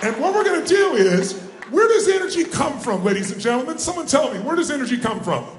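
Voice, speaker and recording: A man giving a motivational seminar, rallying a live audience with questions and call-and-response, often shouting. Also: very high-pitched, very animated, quick pace, over music. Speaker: motivational speaker. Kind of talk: live seminar address to a crowd. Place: large event hall with a live audience. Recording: echoey hall, faint ambience.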